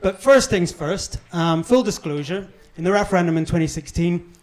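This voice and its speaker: A man's voice: high voice, animated, moderate pace, a little mellow. A young man with a mild Northern Irish accent doing a punchy, self-deprecating stand-up set on a comedy club stage. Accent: Northern Irish, toned down. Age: young adult. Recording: live club recording with audience noise. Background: audience laughter and cheers.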